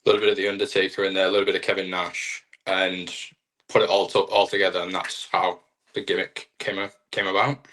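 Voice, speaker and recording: A man's voice: sits low, little pitch movement, a little fast, fairly bright tone. A young man, a wrestler, chatting casually in an interview in a rambling, self-deprecating way. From Britain. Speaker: wrestler guest.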